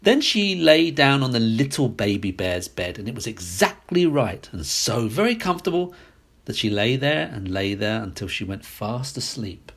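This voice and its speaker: A man reading a classic fairy tale aloud as a storyteller, expressive and sing-song. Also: mid-range voice, normal speed, vocal fry, slightly rough.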